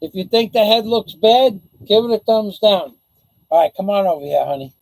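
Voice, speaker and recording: High-voiced sarcastic man vlogging. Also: moderate pace, creaky, a little mellow, dry recording, low-quality recording. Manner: sarcastic, rambling, taunting. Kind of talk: casual mocking chat to camera.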